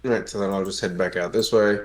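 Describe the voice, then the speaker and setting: A man playing a tabletop game, who describes his character's actions plainly and deliberately. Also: low-pitched, steady tone. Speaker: player. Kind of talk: casual tabletop game chat.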